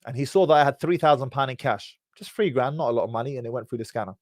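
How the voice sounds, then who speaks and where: A British man talks through a casual livestream, drifting from story to story with plenty of street slang. He sits at an ordinary middle pitch. His voice comes across close and dry, with no room sound. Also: racing, dry recording. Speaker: livestream host.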